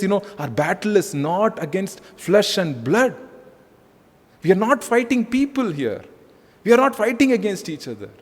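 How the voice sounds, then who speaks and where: A man preaching a conversational sermon as pastor, repeating phrases and saying "you know" often. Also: high-pitched. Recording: echoey hall.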